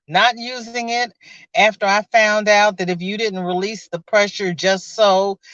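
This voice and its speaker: Slow-talking woman live from her car. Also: mid-range voice, fairly bright tone, no echo. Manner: chatty, laughs often, greets viewers by name. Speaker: live stream host. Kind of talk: casual live chat reading viewer comments. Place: inside a car. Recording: dull, lo-fi.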